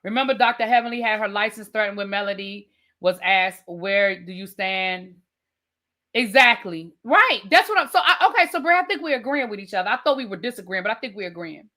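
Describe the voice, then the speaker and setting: Bright-voiced woman chatting live. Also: mid-range voice, lively intonation, fairly quick. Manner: chatty, emphatic, talks straight to chat. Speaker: livestream host reviewing reality TV. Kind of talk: casual livestream chat with viewers.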